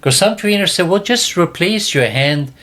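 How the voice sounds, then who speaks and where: A man's voice: expressive, moderate pace. Emphatic man hosting a podcast. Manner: emphatic and repetitive, drops voice low and quiet often. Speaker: podcast host, dog trainer. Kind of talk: casual podcast talk.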